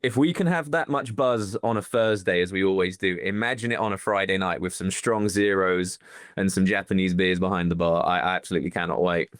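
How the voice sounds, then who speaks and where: A man's voice: low-pitched, fairly quick, dry recording, studio quality. A man, a wrestling promoter guest, chatting enthusiastically in a casual interview over a video call and rambling with restarts.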